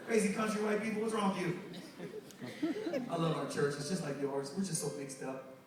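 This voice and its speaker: Animated preacher in an echoey church. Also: male voice, high voice, quick pace, a crowd in the background. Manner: animated storyteller, joking with the congregation. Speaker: pastor. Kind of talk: sermon with storytelling. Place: church sanctuary. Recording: echoey hall, distant mic, music behind.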